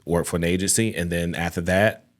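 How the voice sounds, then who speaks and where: A man as guest in a casual interview, relaxed and repeating his words as he talks. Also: low voice, a little fast.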